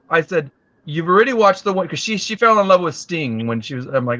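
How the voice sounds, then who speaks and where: A man's voice: fairly high pitch, big pitch swings, fast talker, a bit bright, no room sound, lo-fi sound. A middle-aged man chatting casually over a video call, laid-back, often trailing off with "you know". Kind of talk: casual chat on a live stream.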